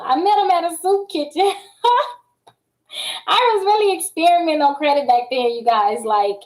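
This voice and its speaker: A high-voiced woman talks to her viewers in a chatty, animated way. She coaches on credit repair in a loose, casual live-stream style. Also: low-quality recording.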